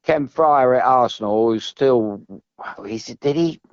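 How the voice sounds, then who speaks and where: An English former footballer, guesting on a podcast, rambles through long, meandering stories, often restarting and repeating himself. His mid-range voice is clear and resonant and a little slow, though the recording is muffled with no echo.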